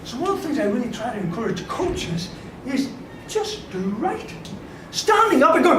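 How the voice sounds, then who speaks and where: Over crowd noise and a distinct room hum, a sports psychology speaker is heard from a distance in an echoey hall, talking at normal speed. His motivational talk to the live audience is animated, his high voice ranging widely as he laughs and imitates the people he quotes.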